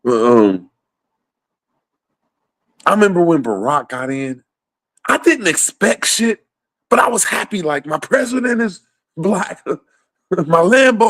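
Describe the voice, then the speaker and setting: A man's voice: high voice, big pitch swings, slow, pauses often, fairly bright tone, no room sound. A man ranting casually about politics, swearing a lot and laughing often between points. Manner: profane, rambling, laughs often.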